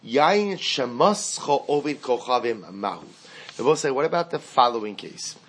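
A man of middling pitch teaches a Talmud class. He reasons aloud in a singsong study cadence, weaving Hebrew and Aramaic terms into plain talk. He restarts phrases and asks and answers his own questions. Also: animated, moderate pace, fairly bright tone.

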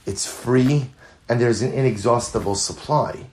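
Man, Talmud class teacher, middle pitch, earnest, repeats phrases, Hebrew and Yiddish terms. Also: a little slow, darkish tone. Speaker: Torah teacher.

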